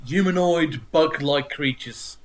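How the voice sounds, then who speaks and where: A man co-hosting a casual chat over a video call, rambling excitably about comics and swearing freely. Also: fairly high pitch, takes it slowly. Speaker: podcast co-host.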